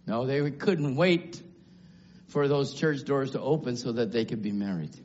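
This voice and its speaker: A male preacher delivering a sermon in a church, swinging from low musing to shouted exclamations. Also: a little slow, a little hiss or hum. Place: church sanctuary. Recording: dull lo-fi sermon recording.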